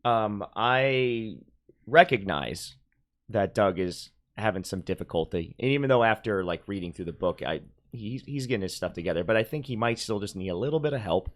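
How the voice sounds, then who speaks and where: A man with a lowish voice describes his character's moves in a tabletop game. He rambles and hesitates, circling back over his words before getting to the point. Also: animated, moderate pace. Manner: rambling, hesitant, with many restarts. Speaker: player.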